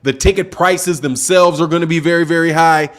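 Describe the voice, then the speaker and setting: High-voiced emphatic man ranting. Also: fairly even intonation, a little fast, a bit bright. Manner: emphatic, repetitive, slangy, talks back to chat. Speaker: boxing channel host. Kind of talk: casual live-stream commentary.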